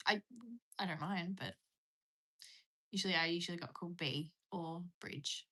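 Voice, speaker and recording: A woman's voice: on the low side, moderate pace, pushed and bright. A young Australian woman hosting a casual livestream, chatting in a rambling, self-mocking way while she reads out viewer comments. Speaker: livestream host.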